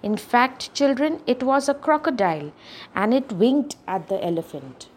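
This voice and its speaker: A woman reading a story aloud to children, addressing them directly with expressive storytelling. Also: fairly high pitch, normal speed.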